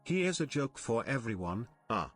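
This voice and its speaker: Brief: mid-pitched male text-to-speech, flat machine read, faint music behind. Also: measured pace. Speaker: text-to-speech donation reader. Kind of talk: synthetic reading of chat messages.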